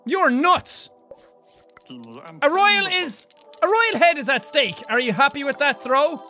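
A young man hosting a let's-play video, reading game text aloud and reacting loudly with lots of swearing. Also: extremely high pitch, animated, a little slow, pauses often, soft background music. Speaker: gaming video host.

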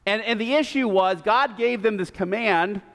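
A man's voice: sits high, normal speed. A male pastor preaching a sermon, retelling the story casually and animatedly with lots of fillers, recorded in a reverberant church sanctuary.

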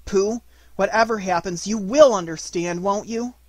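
A man putting on a little storybook boy, earnest and tender, his voice pushed well up in pitch. The reading is close and dry, with no room around it. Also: animated, unhurried, no echo.

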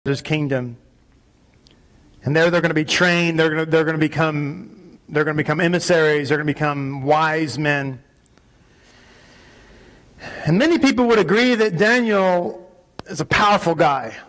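A man preaching a sermon in a synagogue, arguing emphatically and rising to loud peaks on key points. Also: on the high side, moderate pace, pauses often. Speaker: rabbi.

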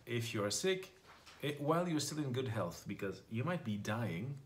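A man giving a comic monologue in deadpan, darkly sarcastic tones, calling his viewers darlings. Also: mid-range voice, normal speed. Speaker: comedian. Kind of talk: comic monologue with a satirical song.

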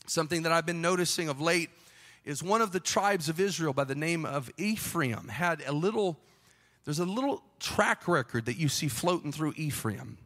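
A man preaching a Pentecostal sermon with a fervent, rhythmic delivery that builds to shouting. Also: on the high side, animated, moderate pace, big-room sound. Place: church sanctuary.

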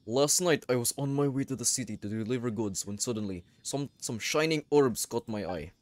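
A man's voice: mid-range voice, brisk, no room sound, lightly acted. A man reading out a tipsy male merchant in a put-on Russian accent. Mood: rambling.

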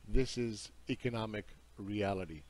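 A man's voice: lowish voice, normal speed, a little mellow. A man lecturing on market charts in an emphatic, insistent and scornful way. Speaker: market commentary host.

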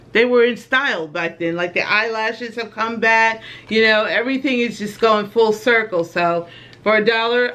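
A woman's voice: fairly high pitch, a bit bright. An older woman, chatting in a casual haul vlog, affectionate and easily moved. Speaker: vlogger.

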